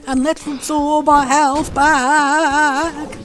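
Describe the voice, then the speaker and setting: A British woman giving bubbly, excitable commentary while playing a video game. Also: sits high, normal speed, faint music behind. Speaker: let's play host. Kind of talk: gameplay commentary.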